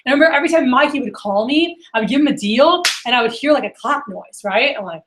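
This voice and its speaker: A woman's voice: fairly high pitch, animated, fast talker. A woman sales manager telling stories at a workshop, acting out the phone calls she quotes. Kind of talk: workshop storytelling.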